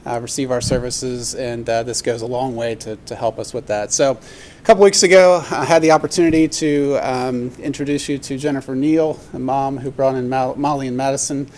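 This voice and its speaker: A man's voice: mid-range voice, fairly even intonation, moderate pace, darkish tone. A man from a county agency introducing a speaker at a board meeting, hesitant and full of fillers. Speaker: county agency staff presenter. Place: public meeting room.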